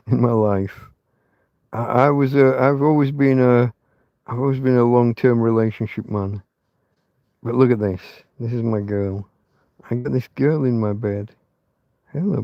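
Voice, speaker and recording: A man hosting a casual late-night livestream from his bed, rambling and chatty, talking to his dog in a soft doting voice between asides to his viewers. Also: medium pitch, creaky, dry recording, muffled recording. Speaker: livestream host. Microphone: phone camera held close.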